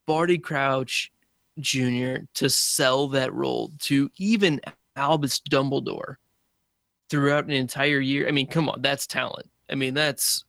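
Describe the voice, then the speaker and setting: Young male podcast co-host, gravelly, playful and upbeat, casual chat. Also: mid-range voice, steady tone, unhurried, fairly bright tone, no echo, studio quality. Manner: playful, laughs often, enthusiastic.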